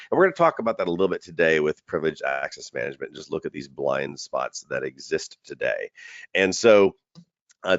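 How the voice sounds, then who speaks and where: Over dull, lo-fi web call audio, a deep-voiced webinar host presents a training session casually, chatting, rambling, and frequently starting his sentences over. There's no echo.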